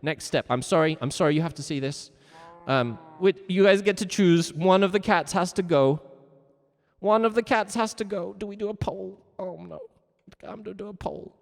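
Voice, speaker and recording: A man's voice: high-pitched, normal speed, creaky, long reverb tail. A man teaching a music lesson during a livestreamed game, theatrical, jokey and mock-stern.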